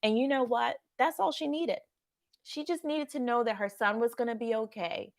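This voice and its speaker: A young adult woman, a nurse, telling stories to camera in a soft, earnest way with frequent restarts. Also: on the high side, normal speed, gravelly. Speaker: nurse and vlogger. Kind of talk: casual storytelling to camera.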